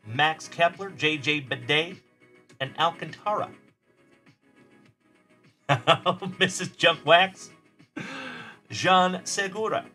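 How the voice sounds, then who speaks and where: A man with a bright, slightly high voice hosts a card-opening livestream. He chats warmly with viewers as he reads their comments, calling them buddy, while faint music plays behind him. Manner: upbeat and friendly, calling viewers buddy and brother. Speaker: host of a card-breaking livestream. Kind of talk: live stream chat, reading viewer comments.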